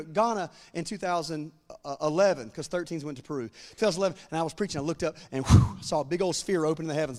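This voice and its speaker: A man preaching an impassioned sermon, acting out biblical dialogue in casual voices and building to near-shouting peaks. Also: a little high. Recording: long hall reverb.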